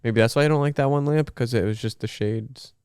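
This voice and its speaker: A man's voice: mid-range voice, brisk, a little mellow, clean tone, dry recording, clean studio sound. A man co-hosting a podcast in casual chat, easygoing and self-deprecating, laughing often. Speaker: podcast co-host.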